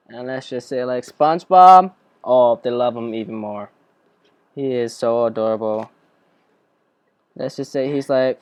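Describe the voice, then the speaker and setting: Chatty young man, smooth dry voice. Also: medium pitch, no room sound. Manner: rambling, joking, chatty asides. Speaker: student tutor. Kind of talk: screen-recorded software tutorial.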